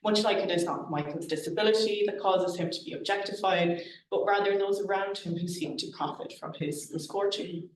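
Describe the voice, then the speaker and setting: Woman academic reading a prepared paper, formal, measured; distant mic, heavy room echo. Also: medium pitch, a little hiss or hum. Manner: formal, measured delivery, marks quotations aloud. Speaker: academic conference speaker. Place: lecture hall. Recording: very echoey, distant mic in a lecture hall.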